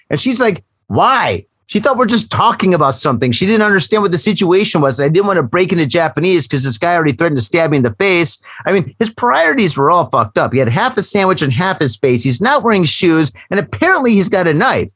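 Profane, excitable host telling a story. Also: male voice, high-pitched, quick pace, few pauses, slightly rough, dry recording. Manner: profane, animated storyteller with lots of "right?" asides. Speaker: podcast host. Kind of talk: casual storytelling chat.

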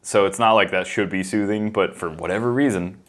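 Brief: low-voiced male co-host, rambling casual chat, full of fillers. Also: fairly quick. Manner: rambling, many fillers, lively when mocking. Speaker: podcast co-host.

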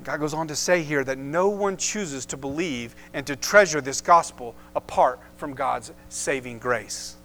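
A man preaching a sermon, emphatic and measured, with dramatic pauses between words. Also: fairly high pitch, fairly bright tone, a little hiss or hum. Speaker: pastor.

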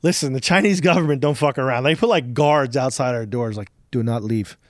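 A man's voice: medium pitch, a little fast, no echo, studio quality. A man in his forties hosting a podcast, telling rambling, profane stories in casual chat. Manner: rambling, profane, animated storytelling. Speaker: podcast host.

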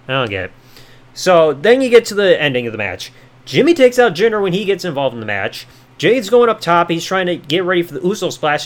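A man's voice: high voice, fairly bright tone. A man hosting a podcast, reviewing a wrestling show in a casual way, swearing and making sarcastic asides. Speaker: podcast host.

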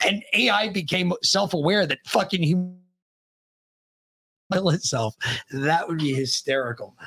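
A man co-hosting a podcast with a husky, grainy voice, close to the mic in a dead, dry room. He talks loosely and profanely and jumps into loud shouts when amused. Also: sits high, a little slow, long pauses, no room sound. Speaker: podcast co-host. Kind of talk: casual chat.

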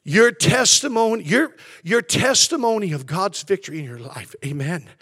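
High, bright-voiced impassioned male preacher. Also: lively intonation, normal speed, husky, dry recording. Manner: impassioned preaching, swinging from shouts to hushed tones. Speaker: pastor. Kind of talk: sermon. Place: church.

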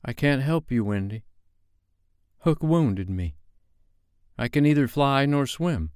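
A man's voice: medium pitch, expressive, slow, a little mellow, clean tone, no room sound, clean studio sound, voice pushed up. A man voicing a brave young boy who never grows up, speaking earnestly and faintly in a storybook reading. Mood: urgent.

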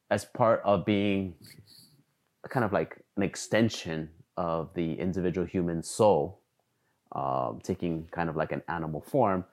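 Low-pitched male podcast co-host, halting and hesitant, sentences fading out. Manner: hesitant, many restarts and fillers, trailing off quietly. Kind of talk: casual chat.

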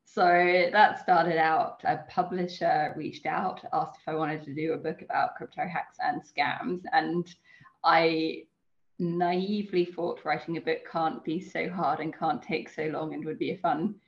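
A woman's voice: deep voice, fairly even intonation, measured pace, muffled recording. A woman interview guest from the UK explaining things in an earnest, emphatic way. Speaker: crypto author and guest. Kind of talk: interview answers.

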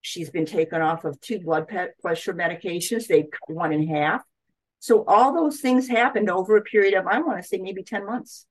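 Lower-voiced middle-aged woman telling her story. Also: normal speed, poor audio. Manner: storytelling, animated when quoting others. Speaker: guest doctor. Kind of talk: personal testimony in an interview.

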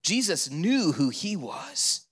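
A male pastor preaching a sermon, animated and storytelling, with rhetorical questions and repeated answers. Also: on the high side, slow, slightly rough, big-room sound.

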